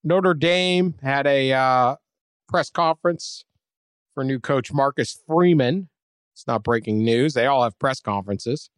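A man's voice: medium pitch, a little slow, clear, resonant tone, no echo, clean studio sound. Wry man hosting a sports podcast. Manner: conversational, trailing fillers, wry jokes. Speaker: podcast host. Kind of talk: casual sports podcast chat.

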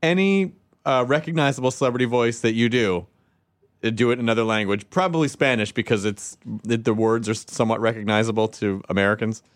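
Man bantering in quick jokes. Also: mid-range voice. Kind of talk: casual chat.

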